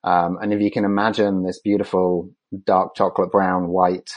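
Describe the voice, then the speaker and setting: A man with a very deep, low voice answers questions as a conservation expert. He speaks haltingly, filling pauses with ums and uhs and restarting his sentences. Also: level tone. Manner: hesitant, many ums and restarts. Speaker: conservation scientist guest. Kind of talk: interview answers.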